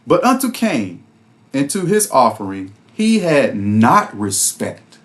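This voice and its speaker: Guy with doing bible commentary, laughs a lot, bouncy pitch. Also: very animated, slow. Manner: laughs often, conversational and mocking. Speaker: bible study host. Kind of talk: casual commentary on scripture.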